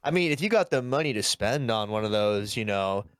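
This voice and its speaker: A man's voice: lowish voice, lively intonation, brisk, no echo. A man hosting a casual podcast, full of crude jokes and banter. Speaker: podcast host.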